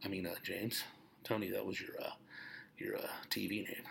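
A man's voice: low-pitched, steady tone, normal speed, vocal fry, fairly bright tone. Easygoing male podcast host. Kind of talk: casual podcast hosting.

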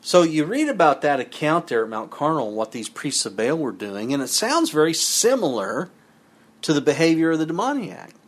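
A man's voice: a little high, sing-song, moderate pace. Man preaching from scripture. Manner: reads passages aloud, then comments in conversational asides. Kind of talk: sermon with scripture reading.

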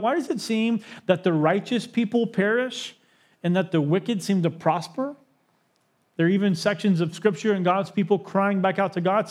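Male pastor, 30s, slightly high pitch; conversational sermon delivery with light joking asides. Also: darkish tone. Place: church sanctuary.

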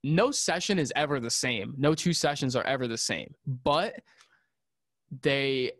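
A man's voice: medium pitch, expressive, a little slow, a bit bright, no echo, studio quality. A man talking as a podcast guest about audio engineering, in casual chat that rambles with many fillers and restarts and turns emphatic.

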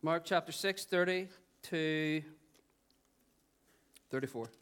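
A man's voice: fairly high pitch, takes it slowly, fairly bright tone, clear, resonant tone. A man with a Northern Irish accent preaching a sermon in a church, playful and joking with the congregation. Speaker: pastor. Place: church hall.

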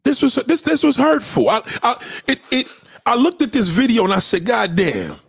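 A man's voice: extremely high pitch, expressive, normal speed, creaky, breathy edge, no echo, clean studio sound. A man hosting a livestream, ranting at his live chat in a profane, combative way, often repeating himself. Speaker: livestream host. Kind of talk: unscripted rant to a live chat.

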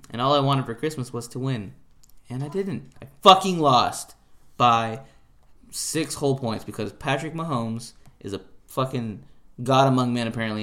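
A man's voice: medium pitch, fairly bright tone. A man hosting a podcast in casual chat, profane and teasing, laughing often. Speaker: podcast host.

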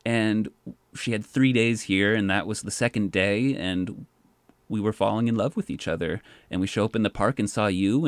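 A man with a lowish voice tells a long anecdote in an easy, chatty way. His speech is full of "like" and quick restarts, and the sound is dry and close with no room in it. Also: no echo. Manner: animated, says "like" often. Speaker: park poet, guest. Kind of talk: casual storytelling.

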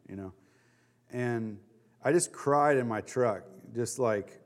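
A man leading a Bible study, teaching in a casual, animated way with many fillers. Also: mid-range voice, a little slow, in a large hall.

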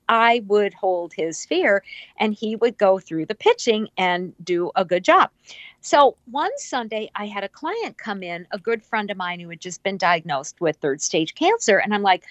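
A woman's voice: medium pitch, no echo. A woman guest speaking in a casual interview, telling stories animatedly and acting out the voices of people she quotes. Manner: animated storyteller who acts out quoted voices and laughs often. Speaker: guest, empathic healer.

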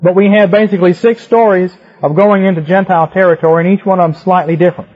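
Husky-voiced male preacher, lo-fi recording. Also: high-pitched, fairly even intonation, fast. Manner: emphatic, rhythmic teaching with repetition. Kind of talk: sermon teaching on scripture.

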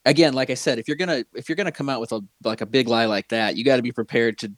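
A man's voice: mid-range voice, rapid-fire, dry recording. Male podcast host, gossipy rambling delivery, dry close sound. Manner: rambling, gossipy, frequent restarts. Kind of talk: casual chat.

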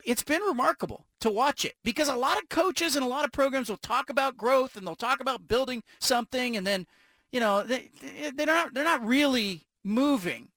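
A male sports radio host with a high, bright voice, introducing a guest in a measured, reflective way. The sound is dry and close. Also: dry recording.

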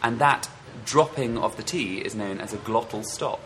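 A man's voice: lowish voice, normal speed, a bit bright, slight background noise. A man with a slightly posh London accent, chatting casually on a podcast and rambling with many ums and self-corrections. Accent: southeastern English, London, slightly posh. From England. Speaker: podcast co-host. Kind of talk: casual chat.

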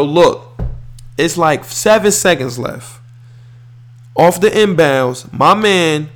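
A young man hosting a podcast, retelling a basketball game in casual, boastful, profane slang, correcting himself as he goes. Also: on the high side. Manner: animated, boastful, profane, restarts and self-corrections. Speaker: podcast host. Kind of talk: casual storytelling.

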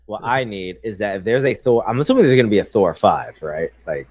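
A man giving his opinion in a casual podcast chat, hesitating often and restarting his sentences. His voice sits a little low. The recording sounds dull and lo-fi. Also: lively intonation, fairly quick, darkish tone. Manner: hesitant, many fillers and restarts. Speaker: podcast co-host.

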